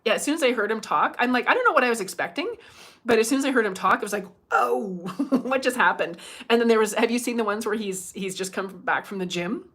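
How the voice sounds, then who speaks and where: A woman's voice: fairly high pitch, lively intonation, quick pace, a bit bright, slightly rough. A middle-aged woman from Canada chatting on her own livestream as a medium. She chats freely, acts out what other people said and laughs often. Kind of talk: casual livestream chat.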